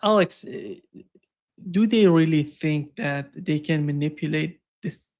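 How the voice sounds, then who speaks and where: A man hosts an interview and poses his questions in a casual, searching way. His voice sits a bit high for a man and carries a gravelly rasp. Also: a little slow, a little mellow. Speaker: host.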